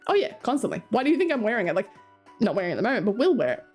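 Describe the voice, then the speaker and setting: A woman's voice: medium pitch, big pitch swings, rapid-fire, a little mellow, breathy edge. A young Australian woman streaming, chatting casually with her viewers and reading chat aloud, laughing often. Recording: faint music behind.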